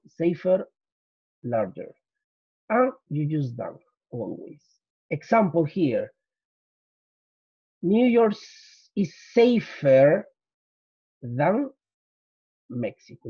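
Husky man teaching English with a Spanish accent. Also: a little high, no echo. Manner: explains slowly, repeats, switches into Spanish for students. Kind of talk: recorded grammar lesson. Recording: dull lo-fi.

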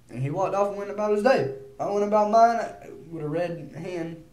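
A teenage boy vlogging in a casual, rambling way, nervous and prone to quick bursts of speech. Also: fairly high pitch, expressive, darkish tone, echoey room, slight background noise. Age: teens. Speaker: YouTuber.

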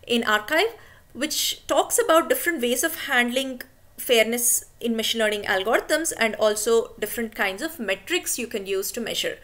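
A woman teaching a technical lesson, explaining calmly and asking the listener guiding questions. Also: on the high side. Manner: steady, patient, poses questions to the listener. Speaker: instructor.

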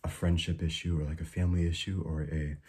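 A young man giving an informal devotional talk, soft-spoken and unhurried, with many fillers and restarts. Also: rumbling low, flat delivery, breathy edge. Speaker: preacher.

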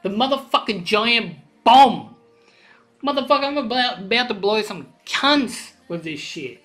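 A woman hosting a casual card-opening vlog, excitable and swearing a lot, with loud bursts of excitement. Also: on the high side, unhurried, faint music behind. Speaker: channel host opening trading card packs.

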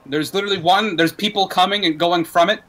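A man's voice: high voice, steady tone, fast talker, fairly bright tone, faint music behind. A man narrating as game master of a tabletop game, describing scenes in a loose, rambling way.

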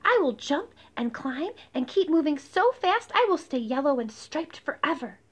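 A woman's voice: high-pitched, very animated, normal speed. A woman voicing a restless young male snake in a read-aloud storybook, with an eager, breathless manner. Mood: determined. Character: young restless yellow python, excitable boy.

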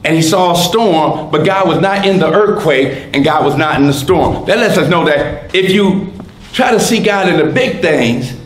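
A man preaching a sermon as pastor, swinging from shouts down to soft whispers and repeating his words. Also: fairly high pitch, expressive, moderate pace. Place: church sanctuary. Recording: echoey church room, faint background noise.

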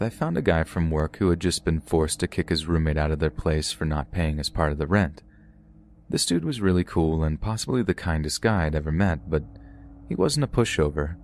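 Young adult man, very low voice, steady horror-story narration, faint hiss behind.

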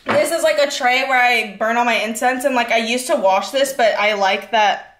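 A woman's voice: on the high side, moderate pace, fairly bright tone. Candid, swearing young woman in roomy echo. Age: 20s. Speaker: vlogger giving a room tour. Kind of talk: casual chat. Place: bedroom in an apartment.

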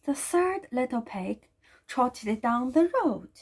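A woman reading a children's storybook aloud in a gentle way, with small slips and restarts. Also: on the high side, very animated, takes it slowly, slightly rough.

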